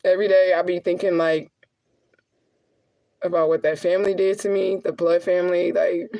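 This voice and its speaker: A woman's voice: lowish voice, level tone, normal speed, vocal fry, warm tone, dry recording. A woman talking casually to her viewers in a blunt, profane, chatty way, often laughing between heavier remarks. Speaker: spiritual adviser and vlogger.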